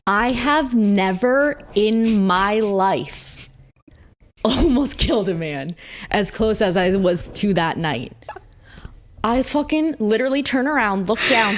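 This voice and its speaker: A young woman co-hosting a podcast, telling stories in animated, casual chat and swearing freely. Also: mid-range voice, slow, a little hiss or hum. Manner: animated storytelling, frequent swearing. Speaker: podcast co-host.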